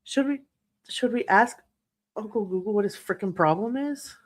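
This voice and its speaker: At a normal speed and in a mid-range voice, a woman running a true crime livestream reads out viewer comments, chatting snarkily and laughing a lot.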